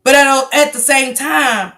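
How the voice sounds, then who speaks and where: A woman's voice: sits high, fairly even intonation, unhurried, bright, forceful tone. A woman hosting a casual livestream, commenting bluntly on a clip and preaching a lesson, swearing freely. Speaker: livestream host. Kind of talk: casual commentary on viral clips.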